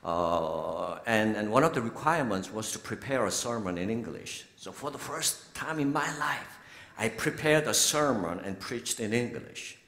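A man in his sixties with a Korean accent, a bishop telling stories in a sermon, often laughing. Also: medium pitch. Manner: warm storytelling, laughing often, slow and deliberate. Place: large church sanctuary. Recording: long hall reverb from a church.

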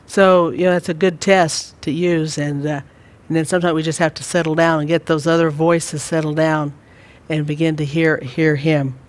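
A man leading a church Bible study, talking gently and rambling with many fillers. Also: fairly high pitch, little pitch movement, moderate pace, few pauses. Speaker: church teacher.

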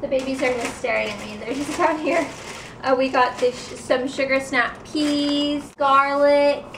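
Young woman chatting away upbeat, high voice, roomy far-off mic. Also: steady tone, measured pace, a bit bright, slight background noise. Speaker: vlogger. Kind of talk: casual chat. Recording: roomy, distant camera mic.

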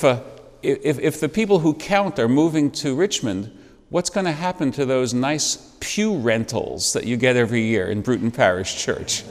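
Man, church Bible class teacher, casual lecturing, wry asides, asks the class questions, long church reverb. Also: medium pitch. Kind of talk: adult education lecture.

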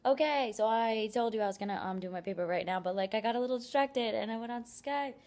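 In a slightly high, somewhat mellow voice, this young woman talks fast. She's a college student chatting to camera indoors at her apartment, rambling with lots of "like" and teasing complaints about herself.

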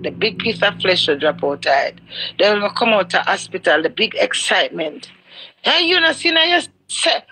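A Jamaican woman ranting heatedly on a live stream, swearing and swinging from low mutters to shouts. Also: no room sound, rough recording.

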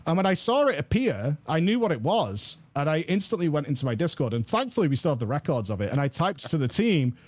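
A man guesting on a podcast, telling a story in an animated, emphatic way and laughing often. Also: on the high side, quick pace, few pauses. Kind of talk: casual podcast chat.

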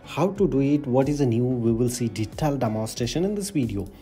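Man, halting english, app tutorial host, dark mellow voice, faint music behind. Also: mid-range voice, lively intonation. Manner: halting non-native English, repeats "look at this". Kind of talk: casual screen-recorded app demonstration.

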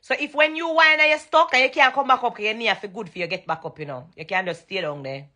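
Speaking fast in a slightly high, sharp voice, a young dancehall singer with a Jamaican accent thanks her fans over a live stream. It's relaxed chat from her bedroom at night. She repeats herself with emphasis and slips into patois now and then.

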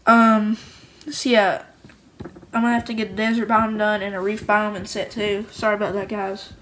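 A woman's voice: medium pitch, level tone, moderate pace, fairly bright tone, slight background noise, rough recording. A woman who makes her own card game, casually and cheerfully going through each card, rambling and often restarting her sentences. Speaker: homemade card game creator.

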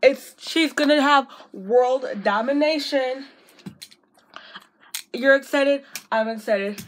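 A woman vlogging as an excited fan, gushing breathlessly and repeating herself. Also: high-pitched, slow.

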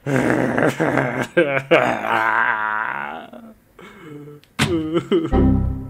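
A woman's voice: a bass voice, very slow, creaky. A woman acting in a comedy skit, talking in playful exclamations and simple, broken English. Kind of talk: acted comedy skit narration. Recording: steady background noise.

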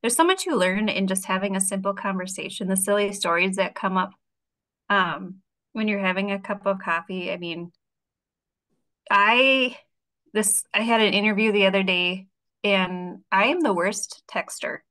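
A woman speaks candidly on a panel and pokes fun at herself. Her voice sits at a middle pitch. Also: normal speed, sharp tone. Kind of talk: panel discussion.

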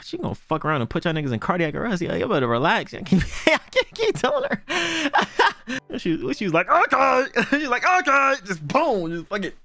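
A man reacting to a cartoon episode, excitable and profane, shouting out his reactions as he watches. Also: high-pitched, fairly quick. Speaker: reaction video host. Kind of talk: casual cartoon reaction commentary.

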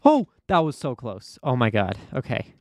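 A man chats through his gameplay in a casual, excitable way, often stammering and thinking aloud. His voice sits at a middle pitch. The sound is dry and close, with keyboard typing in the background. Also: normal speed, no echo. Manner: talks to himself, stammers, excitable. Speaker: gaming YouTuber.

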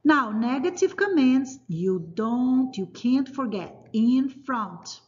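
A woman teacher who explains grammar slowly and patiently and drills short word lists. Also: sits high, animated, a little mellow. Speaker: Spanish teacher. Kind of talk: recorded grammar lesson. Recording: dull lo-fi sound.

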